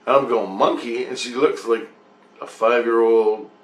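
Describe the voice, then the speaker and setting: A man with a medium-pitched voice, talking at normal speed, retells a strange dream. His account is rambling, repetitive and excitable, and he swears freely along the way. The room echoes, with faint ambient noise behind him.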